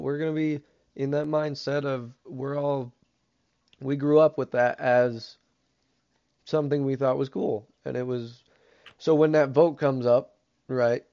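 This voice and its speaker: Young male podcast co-host, relaxed and slangy, muffled lo-fi recording. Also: mid-range voice. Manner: laid-back, slangy, agreeable. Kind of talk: casual stoned chat. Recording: dull, lo-fi sound.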